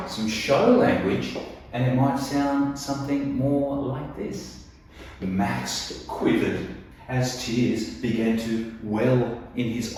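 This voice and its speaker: A man teaching children a writing lesson, speaking in an animated way and addressing the kids directly. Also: lowish voice, slight background noise. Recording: echoey room, mic at a distance.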